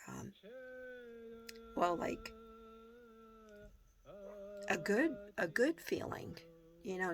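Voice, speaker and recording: Slow, rambling woman vlogger. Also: lowish voice. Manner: rambling, many ums, soft whispered asides. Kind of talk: casual talk to camera.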